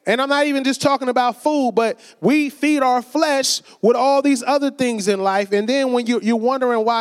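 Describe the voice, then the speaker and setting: Male preacher, high voice, conversational sermon, acts out quoted voices, echoing church hall. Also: moderate pace, hardly any pauses, smooth. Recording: long reverb of a church hall.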